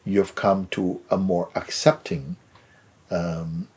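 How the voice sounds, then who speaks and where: Speaking as a teacher responding to a question, a deep-voiced man delivers a quiet, leisurely spiritual talk in a flat, slightly rough tone. His words frequently drift off into a whisper, and he softly repeats some for emphasis.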